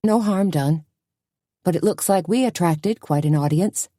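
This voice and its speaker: A woman reading an audiobook, voicing a brisk café owner with a dry, sarcastic manner. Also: fairly low pitch, warm tone, no echo. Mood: wry.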